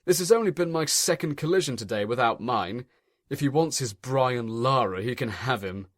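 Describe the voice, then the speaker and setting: A man's voice: mid-range voice, lively intonation, normal speed, no room sound, clean studio sound, lightly acted. Bowler, a man doing an offhand cheeky engine. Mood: agreeable. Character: cheeky male steam engine.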